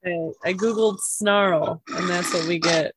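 A woman co-hosting a podcast, trading quick, teasing banter. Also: lowish voice, steady tone, a little hiss or hum. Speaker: podcast co-host. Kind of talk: casual chat.

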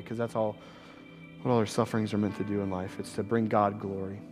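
A pastor in his thirties preaching a sermon, earnest, his voice climbing into emphatic, repeated lines and dropping low and quiet to tell a personal story. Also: flat delivery, fast talker, music in the background.

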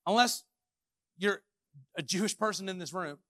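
A man preaching a sermon as pastor, animated, swinging between loud declarations and hushed asides. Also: sits high, moderate pace, no room sound, studio quality. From Canada. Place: church hall.

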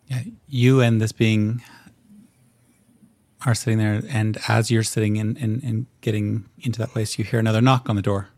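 Gravelly-voiced male game master narrating. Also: lowish voice, little pitch movement, a little mellow, no echo. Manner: descriptive, unhurried, with frequent ums.

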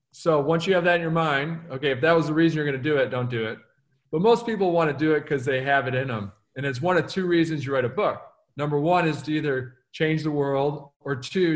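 A man with a slightly higher-pitched voice answers interview questions as an author and keynote speaker. He talks energetically and emphatically. He often slips into little acted-out bits of dialogue.

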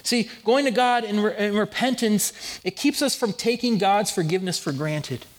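A man's voice: sits high, moderate pace. Earnest preacher man in a reverberant hall. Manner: earnest storytelling with repeated restarts. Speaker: pastor. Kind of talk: sermon.

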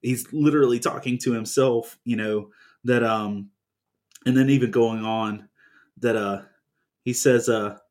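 A man's voice: medium pitch, measured pace, long pauses. A man co-hosting a podcast in casual chat, talking animatedly and reading lines aloud with feeling. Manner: animated, reads comic quotes aloud with feeling. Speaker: podcast co-host.

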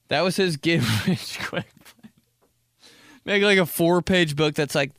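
A young man hosting a podcast, rambling through a comic story and dropping into slow, low voices when he quotes people. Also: animated, fairly bright tone, dry recording, studio quality. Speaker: podcast host. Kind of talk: casual comedic monologue.

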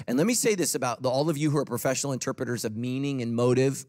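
A man's voice: mid-range voice, animated, fast talker. A middle-aged man preaching a sermon as a pastor, humorous and conversational.

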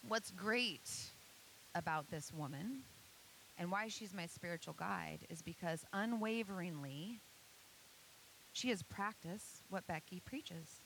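A woman speaks earnestly to an audience and asks many rhetorical questions. Her voice sits fairly low, with a faint hiss behind it. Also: fairly bright tone, rough recording. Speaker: speaker giving a church presentation. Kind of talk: motivational talk to an audience.

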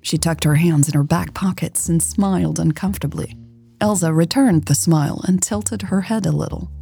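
Gravelly woman narrating a romance. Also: fairly low pitch, normal speed, mellow, soft background music. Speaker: audiobook narrator. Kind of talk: scripted romance story narration.

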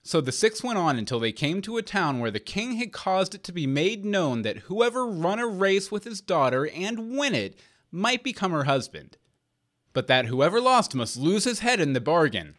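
Expressive man reading a fairy tale. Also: sits high, normal speed. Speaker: reader. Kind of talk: storybook narration.

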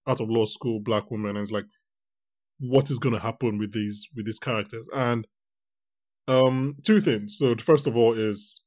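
A man's voice: medium pitch, normal speed, dry recording, clean studio sound. A man hosting a podcast, chatting casually and rambling with many restarts about a TV show. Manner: rambling, self-correcting, animated. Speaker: podcast host. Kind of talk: casual chat reviewing a TV show.

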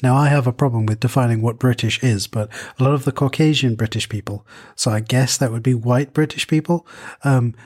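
A man's voice: medium pitch, a little fast, a little mellow. A man co-hosting a casual podcast chat, rambling with restarts and frequent ums.

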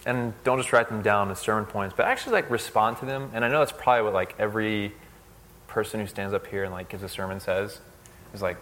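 A young man giving a casual, conversational sermon. He uses lots of "like" and tells stories in an animated way. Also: lowish voice, fast talker. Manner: conversational, fillers like "like", animated storytelling. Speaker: speaker at a church service.

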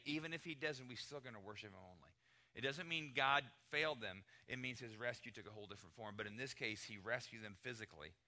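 A man's voice: medium pitch, sharp tone. A middle-aged American man preaching a sermon in a conversational, emphatic way, acting out short everyday dialogues. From United States. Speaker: pastor.

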